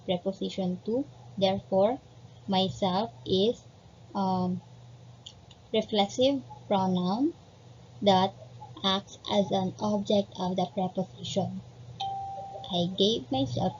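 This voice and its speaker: Slow, patient woman teaching grammar. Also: mid-range voice, darkish tone, a little hiss or hum. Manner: patient, repeats examples, frequent "okay". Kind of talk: grammar lesson. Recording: slightly dull lo-fi recording.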